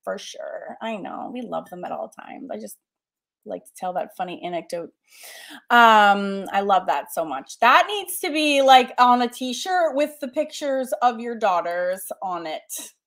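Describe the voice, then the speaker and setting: A woman's voice: medium pitch, expressive, unhurried, fairly bright tone. A woman in her forties from Massachusetts, an art teacher hosting a casual livestream, chatting, laughing often and reading out viewer comments.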